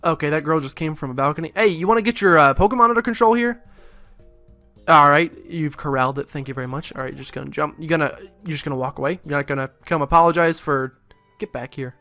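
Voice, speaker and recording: A man's voice: a little high, quick pace, bright, forceful tone, no echo, faint music behind. A man doing casual let's play commentary, rambling with jokes and profane asides into a close mic.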